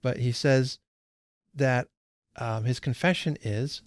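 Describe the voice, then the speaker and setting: A man's voice: mid-range voice, steady tone, slow pace, no echo, studio quality. A man hosting a book read-along, talking casually about a novel with many fillers. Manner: conversational, frequent fillers and restarts. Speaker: book channel host.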